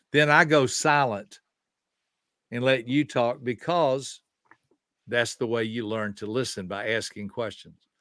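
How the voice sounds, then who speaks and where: A man's voice: medium pitch, steady tone, measured pace, long pauses, a bit bright, no echo, clean studio sound. A man in his seventies, a behavior specialist explaining ideas in an emphatic, teaching way and asking rhetorical questions. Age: 70s. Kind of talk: conversational teaching.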